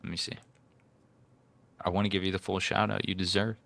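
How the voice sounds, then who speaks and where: Man, low pitch, bright forceful tone, joking debate moderator. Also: little pitch movement, fairly quick, creaky. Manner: joking, teasing banter. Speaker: debate moderator reading donations. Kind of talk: casual live-stream chat.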